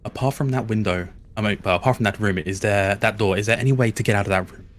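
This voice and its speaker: Man, tabletop player, low pitch, polite, measured. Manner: polite, measured in-character speech. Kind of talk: playing a tabletop game.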